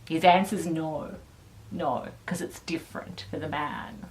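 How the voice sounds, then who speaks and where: A woman giving earnest, halting personal testimony in an interview. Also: low voice, fairly even intonation, low-quality recording.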